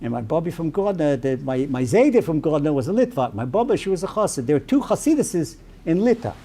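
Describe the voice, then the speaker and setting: A man as a rabbi giving a storytelling sermon, animated and peppered with Yiddish and Hebrew terms. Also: fairly high pitch, a little fast, breathy edge.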